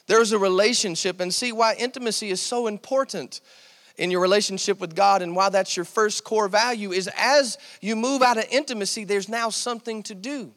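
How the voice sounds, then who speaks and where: A man with a high voice preaches to his congregation, often stopping to ask "Amen?" and pressing his points with "See,". The sound rings with a long reverb from the church sanctuary around him. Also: fairly even intonation, fairly quick, a bit bright. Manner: call-and-response preaching, repeated "Amen?" and "See,". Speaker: pastor. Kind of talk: sermon.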